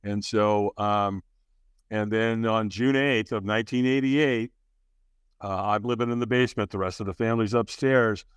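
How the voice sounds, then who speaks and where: A man's voice: on the low side, steady tone, normal speed, smooth, no room sound, clean studio sound. A man in his sixties, a podcast guest, frankly and earnestly recounting his life, with fillers, restarts and acted-out quotes. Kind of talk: candid personal storytelling in an interview.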